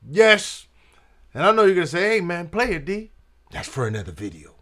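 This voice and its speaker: A man's voice: sits high, big pitch swings, fairly quick, a bit bright. A man hosting his own channel, telling a story in casual jazz slang and often saying "man" and "you dig". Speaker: trumpet player and channel host.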